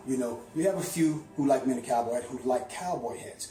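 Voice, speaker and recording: A man from St. Louis telling a long, rambling story in a casual, animated way, with lots of "you know.". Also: medium pitch, quick pace, few pauses, echoey room, soft background music. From St. Louis, USA.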